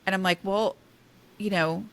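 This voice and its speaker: A woman talking casually in an interview, with a bright, forward voice. She speaks animatedly and pokes fun at herself, leaning hard on the words she wants to land. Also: medium pitch, unhurried. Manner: animated, self-deprecating, emphatic. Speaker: guest author on decluttering.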